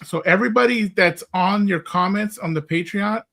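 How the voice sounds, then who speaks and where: A slightly high male voice, easygoing and practical. He is a livestream guest who calmly guides the host through the setup. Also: normal speed, gravelly. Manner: easygoing, guiding. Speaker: guest streamer. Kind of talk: casual live stream chat.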